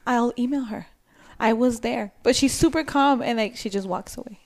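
A woman's voice: a little high, normal speed. A woman in her thirties from the United States, a mother chatting casually on a podcast about her kids, laughing easily and quoting them as she retells scenes. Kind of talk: casual chat.

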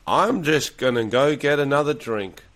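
A man's voice: mid-range voice, animated, normal speed, a bit bright. Crude, playful Australian man. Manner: crude, playful, laughs often. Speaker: podcast co-host. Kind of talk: casual comedy podcast chat.

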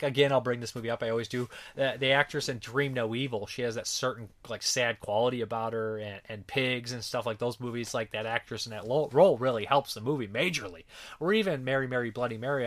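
A man at an ordinary, middling pitch talks through a movie review in a loose, unscripted way. He swears casually, leans on fillers, and often backs up to correct himself. It sounds like an off-the-cuff video review. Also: a bit bright. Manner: rambling, profane, filler-heavy; frequent self-corrections and restarts. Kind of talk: casual spoken film review.

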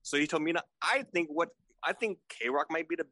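A man's voice: a little high, fairly quick, noisy background. A man in his forties, a podcast guest, who stammers, repeats his words and keeps asking "right?" for agreement. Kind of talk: casual remote chat.

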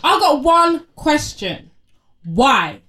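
High, expressive young woman ranting. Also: very slow. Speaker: podcast co-host. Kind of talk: casual chat.

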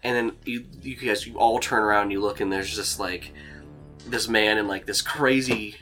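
A man's voice: on the low side, fairly even intonation, normal speed, pushed and bright. A young man running a tabletop game, narrating in a rambling, filler-heavy way and chuckling as he goes, with music playing behind. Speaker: game master.

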